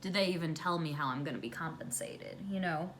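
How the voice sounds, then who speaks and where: A woman vlogger telling a story while doing her makeup, chatty and sarcastic, dropping into hushed voices when she quotes people. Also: deep voice, brisk, a little hiss or hum. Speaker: beauty vlogger.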